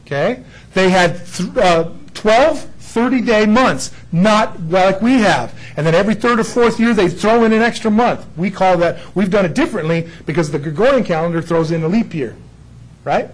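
A man preaching a Bible sermon in an animated, jokey way, acting out the figures he quotes. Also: high-pitched, moderate pace, rough recording.

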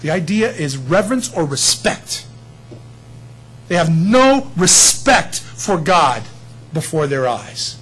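A man preaching a sermon in an animated, conversational way, acting out short quotes. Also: a little high, slow pace, breathy edge, poor audio.

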